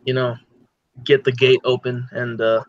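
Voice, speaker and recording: A player in a tabletop role-playing game describes his character's actions rambingly, full of "like" and "you know." His mid-range voice has little pitch movement and runs a little slow. The dry, slightly dull mic has no room sound.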